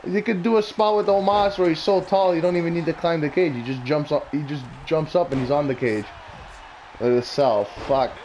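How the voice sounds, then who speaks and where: A man's voice: fairly high pitch, brisk, darkish tone, a little hiss or hum. A man talking casually and bluntly, rambling through opinionated predictions with plenty of swearing. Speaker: wrestling commentary vlogger.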